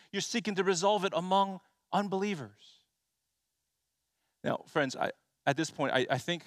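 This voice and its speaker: A man's voice: fairly high pitch, fairly bright tone, no room sound, clean studio sound. A man preaching an expository sermon as a pastor, earnest and emphatic, with rhetorical questions and frequent restarts.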